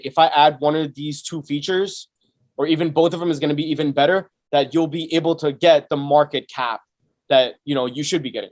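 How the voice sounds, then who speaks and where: A man's voice: a little high, darkish tone. A man, a guest on a business podcast, explaining his method step by step in casual talk, full of "right?" and "you know". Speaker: guest, Amazon seller.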